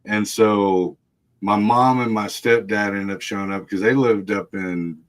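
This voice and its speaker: Man, lowish voice, casual storytelling, laughs a lot, swears, mimics voices. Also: fairly even intonation, measured pace. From Texas. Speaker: guest storyteller.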